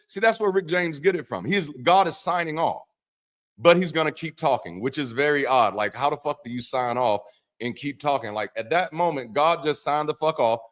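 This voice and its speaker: A man's voice: on the high side, expressive, normal speed, a bit bright. Joking, profane man hosting a livestream. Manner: loose, profane, joking asides; repeats words and restarts often. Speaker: ex-pastor hosting a Bible study. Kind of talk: casual livestream chat.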